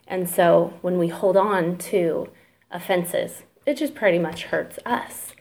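A woman's voice: on the low side, steady tone, slow, darkish tone. Woman, 30s, church testimony speaker, candid and emotional, conversational delivery. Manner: candid, chatty, emotional, fillers and asides. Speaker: church member giving a testimony. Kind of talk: personal testimony talk.

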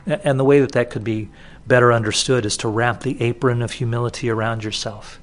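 A man's voice: medium pitch, fairly even intonation, brisk. A man preaching an expository sermon in a conversational way, often restarting and repeating words for emphasis. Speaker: pastor.

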